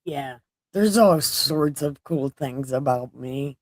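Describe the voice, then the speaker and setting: A woman's voice: rumbling low, slow pace. A woman in her forties chatting casually in an easygoing, dryly self-mocking way. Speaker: adult daughter. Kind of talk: casual chat.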